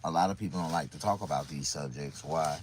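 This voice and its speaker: A man's voice: a bass voice, fast, noisy background. A man talking casually to viewers on a livestream, rambling and repeating himself in mock confusion.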